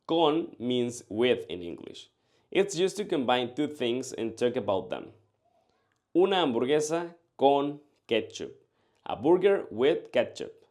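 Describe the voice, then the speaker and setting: Slow, lively-pitched male language teacher. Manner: slow, carefully enunciated drilling of phrases. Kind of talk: scripted language lesson.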